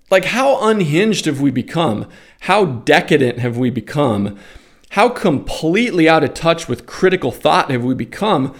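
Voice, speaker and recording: A man talking in a casual, opinionated rant, exasperated and sarcastic, then calling out live stock trades. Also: on the high side. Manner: opinionated, exasperated, sarcastic, with mocking put-on voices. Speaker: stock day trader and commentator. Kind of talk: casual ranting monologue.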